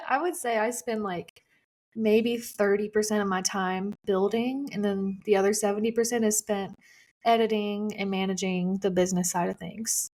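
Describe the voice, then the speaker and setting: A woman at an ordinary middle pitch talks as a guest in a relaxed interview. Her speech is chatty and easygoing, loosely strung together with fillers. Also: moderate pace. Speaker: guest content creator. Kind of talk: casual interview chat.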